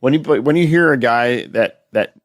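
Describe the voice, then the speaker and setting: A man's voice: mid-range voice, normal speed, no echo, clean studio sound. Blunt male podcast co-host. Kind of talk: casual chat.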